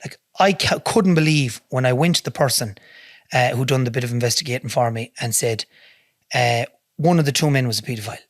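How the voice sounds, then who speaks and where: A man's voice: mid-range voice, brisk, dry recording, clean studio sound. Blunt, swearing Irish man. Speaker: podcast guest, businessman. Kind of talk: casual storytelling. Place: podcast studio.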